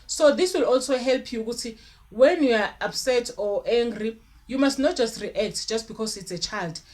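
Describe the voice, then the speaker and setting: A woman's voice: a little high, moderate pace, a little mellow. A young adult woman, talking casually to camera with parenting advice, earnest and repeating herself as she gathers her thoughts. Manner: earnest, repeats words, mixes in Zulu fillers. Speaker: parenting vlogger.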